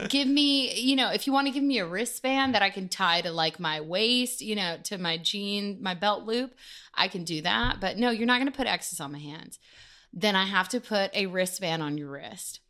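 A woman musician telling a story as a podcast guest, animated and full of swearing. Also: mid-range voice, normal speed. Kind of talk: casual storytelling interview.

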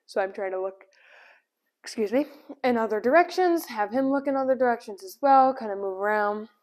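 A woman dog trainer giving a casual demonstration, calmly explaining between cheerful calls of the dog's name and quick praise, recorded indoors on a camera at a distance. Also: fairly high pitch. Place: indoors at home.

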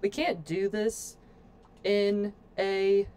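A woman's voice: medium pitch, fairly even intonation, extremely slow, warm tone. Give me a chatty, playful woman commenting on a game for her viewers. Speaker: game streamer. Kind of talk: casual gameplay commentary.

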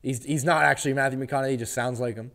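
A man on a casual gaming podcast, swapping stories with a friend. He rambles along with fillers and short laughs. His voice sits in an ordinary middle pitch. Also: vocal fry. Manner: relaxed, rambling anecdote with fillers and quick laughs. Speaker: podcast co-host.

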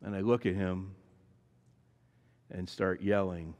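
A man preaching a sermon, telling the story dramatically and shifting between hushed and emphatic lines. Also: low-pitched, level tone, slow. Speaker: pastor. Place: church sanctuary. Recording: long reverb in a large church hall.

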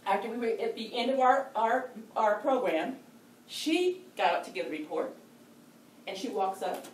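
A woman's voice: on the high side, moderate pace, slight background noise. Playful woman storyteller, distant mic in a roomy hall, faint background ambience. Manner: animated and playful. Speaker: storyteller at a speaking club. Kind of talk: told personal story.

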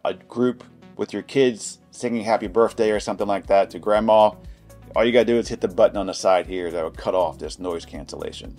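A man's voice: fairly low pitch, a little mellow. A man hosting a casual product review, talking in a chatty, anecdotal, informal way.

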